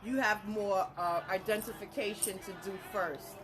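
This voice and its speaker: A woman, a spiritual reader talking casually to her viewers, animated and blunt, laughing through her stories. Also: mid-range voice, normal speed, music in the background. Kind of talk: casual live talk to viewers.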